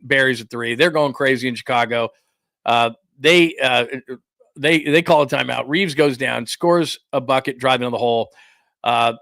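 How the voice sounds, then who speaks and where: A man's voice: medium pitch, sharp tone, no room sound, studio quality. Rambling sports talk host, man. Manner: rambling, self-interrupting, chatty with viewers. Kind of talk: casual sports talk livestream.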